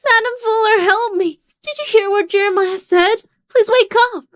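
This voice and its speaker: A manipulative young woman with a high voice who begs and whines when she wants something. Her lines are dubbed drama acting. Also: normal speed, fairly bright tone, soft background music. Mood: pleading. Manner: pleading, then scheming. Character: scheming young woman chasing a rich man.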